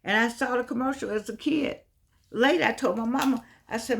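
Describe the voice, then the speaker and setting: Gravelly yet fairly bright, this woman's voice is on the high side, and she speaks a little fast. She vlogs in a loose, meandering monologue that keeps coming back around and repeating itself, with some words slightly slurred by missing teeth.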